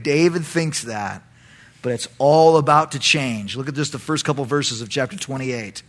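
A man's voice: on the high side, animated, moderate pace, bright, forceful tone. A male pastor preaching an expository Bible study, animatedly breaking into dramatic voices for the characters.

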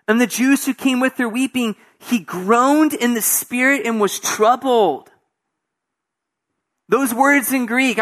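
A man preaching a sermon, moving between soft, hushed passages and raised, emphatic stretches, with casual asides and acted-out voices of people in the story. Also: very high voice. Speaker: pastor.

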